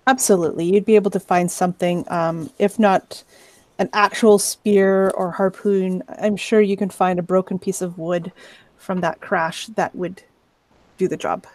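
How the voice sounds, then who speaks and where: A woman running a tabletop game as game master, giving calm, measured rulings. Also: fairly low pitch, no echo.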